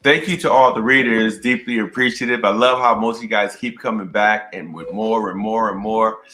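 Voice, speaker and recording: Jovial older man with a bright voice. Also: fairly low pitch, steady tone, normal speed, a little hiss or hum. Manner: jovial, teasing, warm thanks.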